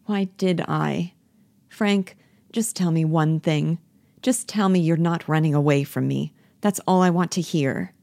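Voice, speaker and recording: A woman's voice: sits low, a little slow, gravelly, warm tone, no room sound. A woman reading the part of a bitter, jealous young wife who pleads with her lover and mocks her husband. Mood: pleading. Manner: reproachful, cutting, pleading. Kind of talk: play reading.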